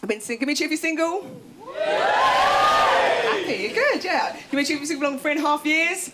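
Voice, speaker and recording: A woman in her thirties performs a stand-up set, chatty and self-mocking as she laughs at her own lines. Her voice sits a little high for a woman. Loud noise runs under the whole stage recording. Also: lively intonation, rapid-fire, a loud crowd. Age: 30s. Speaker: stand-up comedian.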